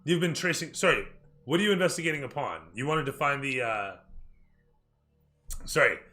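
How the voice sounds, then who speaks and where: A man narrating a tabletop game as game master, talking in a hurried, self-correcting way with casual swearing. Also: mid-range voice, expressive, bright, forceful tone, soft background music.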